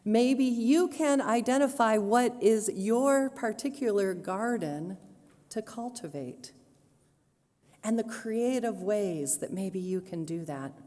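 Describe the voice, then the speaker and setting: A woman minister giving a sermon to her congregation, earnest and pastoral with touches of gentle humor. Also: a little high. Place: church sanctuary. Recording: long hall reverb.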